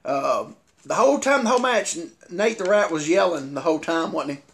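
Giggly co-host with a lively voice. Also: medium pitch, brisk. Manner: laughs often, easily tickled, chatty. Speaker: podcast co-host. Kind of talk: casual chat reviewing a wrestling match.

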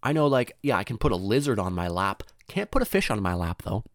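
A man's voice: on the low side, very animated, brisk, dry recording, clean studio sound. A young man rambling through a profane, slangy story in casual monologue, often jumping into voices for the people in it.

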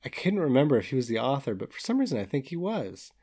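A man's voice: mid-range voice, very animated, fast, dark tone. A man co-hosting a casual podcast, reacting with wry jokes. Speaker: podcast co-host. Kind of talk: casual chat.

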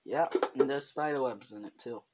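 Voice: mid-range voice, normal speed, heavy background noise. A vlogger talking alone in their bedroom, rambling and giggly, with filler words all through. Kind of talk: rambling casual monologue to camera. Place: own bedroom.

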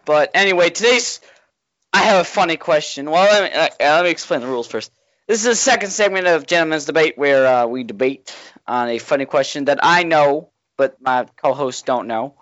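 A man's voice: fairly high pitch, expressive, fairly quick, a bit bright. A man hosting a casual podcast, bringing in segments with playful, jokey wording. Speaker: host. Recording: dry, dull lo-fi sound.

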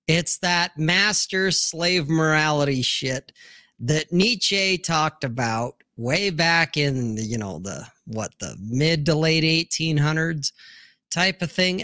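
A man hosting a live-streamed discussion, swearing freely, laughing loudly and reading viewer comments aloud. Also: fairly high pitch, no room sound, clean studio sound. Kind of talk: casual live-stream chat.

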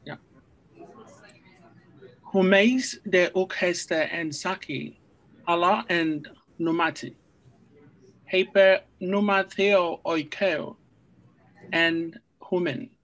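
A man's voice: high voice, extremely slow, pauses often, fairly bright tone, poor audio. A man joining a class online as a student, reading aloud and answering hesitantly. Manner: hesitant, unsure.

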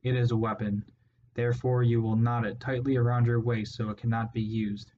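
A man's voice: medium pitch, little pitch movement, a little fast, natural voice. A man voicing a resolute young male mouse warrior in a storybook reading, giving curt, firm commands. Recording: dull lo-fi audio, faint hiss.

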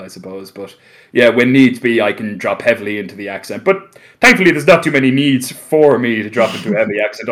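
A man with a soft, light Irish accent from Carlow chats at an easy pace as a podcast guest. His voice sits a bit low, and he rambles comfortably, filling gaps with ums and likes. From Ireland. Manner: relaxed, rambling, many fillers and restarts. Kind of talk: casual conversation.

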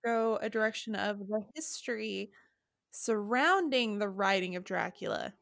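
A woman's voice: medium pitch, unhurried, creaky, a bit bright, dry recording, clean studio sound. A woman guesting on a podcast, chatting casually about history and laughing at her own stumbles over words.

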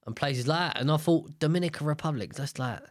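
A man's voice: on the high side, a little fast, no room sound, studio quality. A young man telling a rambling, self-mocking story in a casual monologue.

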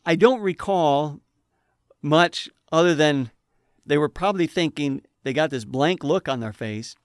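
A man's voice: on the high side, unhurried, no room sound, studio quality. A man telling his personal testimony in an earnest, emotional way, with preacher-like emphasis. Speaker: speaker giving a personal testimony.

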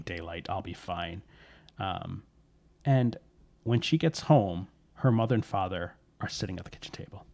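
A man recounts a spooky story in a relaxed, conversational way, with a voice sitting on the low side. He drops into short quoted lines for the characters as he goes.

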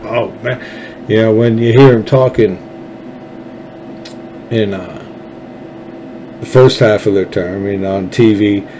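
A man's voice: on the low side, fairly even intonation, slow, long pauses, mellow, a little hiss or hum, rough recording. A Texan man hosting his own show, ranting about politics in an angry, profane, sarcastic way. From Texas. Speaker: political commentary host. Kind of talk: ranting solo commentary.

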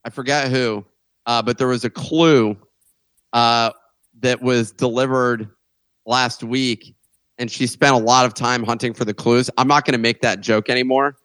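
A man's voice: mid-range voice, steady tone, a little slow, a bit bright, no room sound. A joking man co-hosting a casual podcast, his voice sitting in a middle range. He laughs easily and trips over restarts. The mic is close and dry, with no room sound. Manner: jokey, laughs often, restarts. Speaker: co-host.

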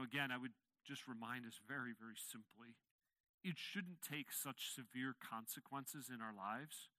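A man's voice: on the high side, sharp tone, no room sound. A man preaching an expository sermon as pastor, earnest and rising to emphatic peaks when quoting scripture.

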